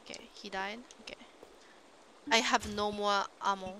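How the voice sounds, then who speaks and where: A woman's voice: medium pitch, fairly even intonation, normal speed, noisy background. A woman with a Japanese accent streaming a game, reacting to her chat in simple English and exclaiming at what happens on screen. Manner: simple non-native English phrasing. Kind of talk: casual gameplay commentary.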